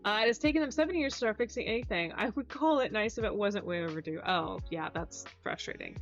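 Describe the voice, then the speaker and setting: A woman's voice: medium pitch, quick pace, muffled recording, faint music behind. A woman live-streaming and chatting casually with her chat, reading messages aloud and stumbling over hard names.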